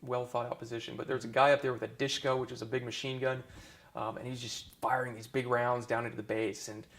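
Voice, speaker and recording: A man's voice: mid-range voice, level tone, fast talker, a bit bright. A man in his thirties, a former army dentist, telling his stories in a casual oral history interview, with many restarts and fillers.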